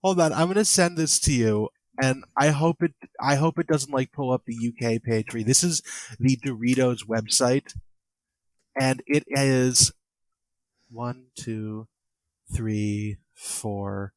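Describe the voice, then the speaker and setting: An American man co-hosting a podcast in casual chat, halting and hesitant, with many fillers. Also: medium pitch, dry recording. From United States. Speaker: podcast co-host.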